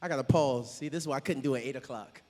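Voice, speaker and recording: A man's voice: medium pitch, racing. A male preacher giving a sermon in a church, talking casually and folksy, straight to the congregation. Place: church sanctuary with a choir. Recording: long echoey church reverb.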